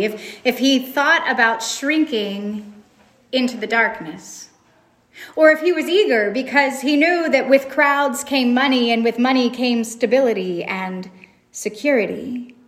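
A woman's voice: fairly high pitch, unhurried, fairly bright tone. A woman preaching a sermon, retelling a story in a reflective way and asking rhetorical questions.

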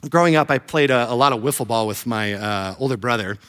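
A young adult male pastor preaching a sermon in a conversational, animated way, acting out quoted voices. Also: medium pitch, fast talker, smooth.

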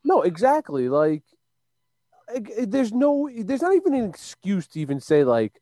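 A man's voice: high voice, wildly swooping pitch, moderate pace, warm tone, no room sound. A man co-hosting a casual sports podcast, talking emphatically, swearing, and filling with "like". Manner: emphatic, profane, many "like" fillers. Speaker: podcast co-host.

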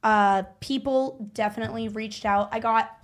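A woman's voice: a little high, moderate pace. A woman guest in a casual chat, telling stories in a playful, brash way. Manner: animated storyteller, playful and brash.

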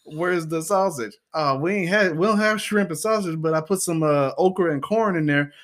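A man on a casual podcast goes off on tangents and plays out mock conversations. His voice sits a touch high for a man. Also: moderate pace. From Southern US, Louisiana. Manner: ranting, acts out mock dialogues. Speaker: podcast co-host and cook. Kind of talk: casual chat.

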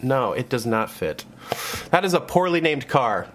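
A man's voice: medium pitch, very animated, measured pace, a bit bright. A young man co-hosting a casual comedy podcast, joking and riffing. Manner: joking, mock-announcer delivery. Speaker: podcast co-host.

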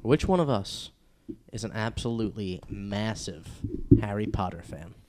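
A man's voice: on the low side, animated, moderate pace, a little mellow. A man co-hosting a podcast, a stand-up comic reading quiz questions playfully and casually.

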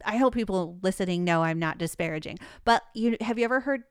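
Curious woman with a smooth voice. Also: medium pitch, quick pace, dry recording, studio quality. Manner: curious, asks questions, laughs often. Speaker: podcast co-host. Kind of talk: casual chat.

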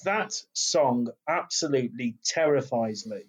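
A man speaking on a casual podcast, enthusiastic and gushing, pausing often with fillers. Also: medium pitch, expressive, breathy edge, poor audio.

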